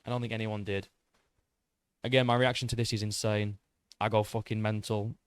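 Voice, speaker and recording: A young man recapping a fight in an excitable, boastful way, swearing and tripping over his words. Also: lowish voice, brisk, smooth, no room sound, clean studio sound. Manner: boastful, excitable, swears a lot, stumbles and repeats. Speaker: MMA YouTuber.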